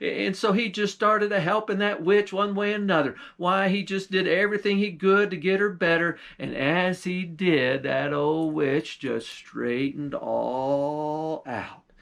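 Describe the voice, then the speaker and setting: A man with a drawl tells a folktale in an unhurried, folksy way, often starting lines with "why". His voice is high for a man. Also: steady tone, fairly bright tone. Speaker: storyteller. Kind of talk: folksy storytelling with a moral.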